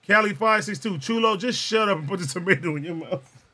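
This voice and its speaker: A man's voice: sits high, fairly quick, bright, forceful tone. A young man hosting a casual podcast, joking in crude slang, reading out the live chat and laughing often. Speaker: podcast host.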